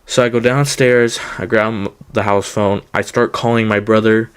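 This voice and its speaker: A man's voice: on the low side, little pitch movement, moderate pace, smooth. A young man casually telling a rambling personal story, full of fillers and "he goes" quotes.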